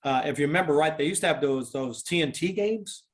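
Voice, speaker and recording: A man's voice: a little high, a little fast. An older man, a former football kicker, telling a long story in a casual interview, with many restarts and fillers.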